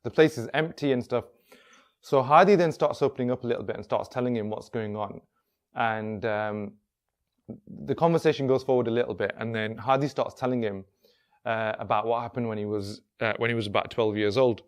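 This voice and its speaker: A man telling a long story in a casual, spoken way, dropping his voice quieter when he quotes people. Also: medium pitch, a little fast. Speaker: workshop speaker.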